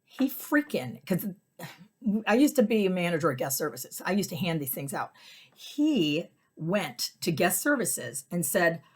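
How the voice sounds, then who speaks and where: A woman with a low, husky voice tells a personal anecdote. She rambles and restarts, dropping into muttered asides. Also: very animated, unhurried. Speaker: storyteller.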